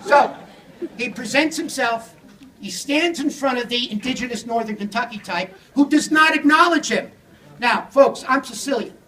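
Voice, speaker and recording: Animated man telling stories in an echoey hall. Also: very high voice, normal speed, some chatter behind. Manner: animated, theatrical, rising to shouts. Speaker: speaker on language learning. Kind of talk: comic storytelling keynote. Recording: echoey hall audio from a distant mic with audience.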